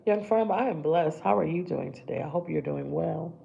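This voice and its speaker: Woman livestreamer, low gravelly voice, mellow tone, chatty makeup talk, dull phone-mic sound. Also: normal speed, a little hiss or hum. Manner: chatty, talks to viewers while doing her brows. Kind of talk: casual live makeup chat.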